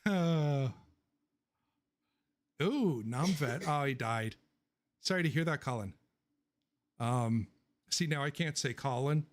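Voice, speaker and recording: A man's voice: on the high side, a little hiss or hum. Rambling, joking male livestream host. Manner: rambling and joking, laughs often; blunt and opinionated. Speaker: livestream host answering viewer questions. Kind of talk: casual livestream Q&A chat.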